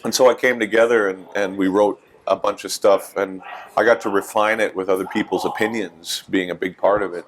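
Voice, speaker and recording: A man's voice: fairly low pitch, steady tone, a little fast, noisy background. A man in his forties with a Canadian accent, chatting casually in an interview, joking and self-deprecating. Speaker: interview guest, musician.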